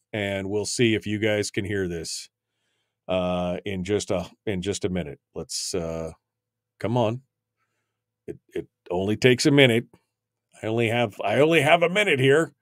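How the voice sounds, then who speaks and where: Low-voiced male talk radio host. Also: measured pace, dry recording, studio quality. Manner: rambling and flustered while fixing broken equipment on air, many restarts. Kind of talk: live talk radio, off-the-cuff. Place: radio studio.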